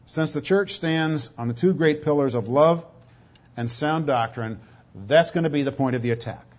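A man preaching a sermon, emphatic, swinging from loud stretched words to low asides, often repeating words as he goes. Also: normal speed. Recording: dull lo-fi recording.

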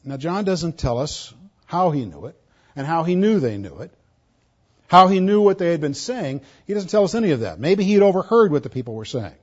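A pastor preaching an expository sermon, stressing points loudly and then dropping to quiet asides. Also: male voice, on the high side, sing-song, brisk, breathy edge, dull audio. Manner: emphatic, swinging between loud stresses and quiet asides.

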